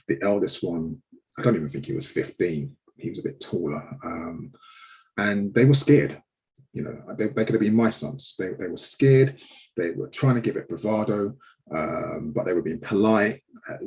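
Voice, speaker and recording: A man's voice: on the low side, vocal fry, mellow, poor audio. A man in his forties, a live show host, telling a personal story with passion and frequent restarts when upset. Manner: impassioned, repeats words when upset.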